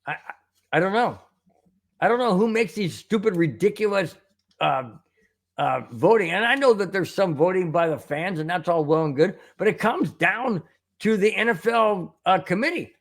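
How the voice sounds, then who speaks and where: High, lively man ranting about football. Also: normal speed, vocal fry. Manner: emphatic, repeats himself, exasperated ranting. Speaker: sports fan show host. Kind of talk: fan commentary monologue.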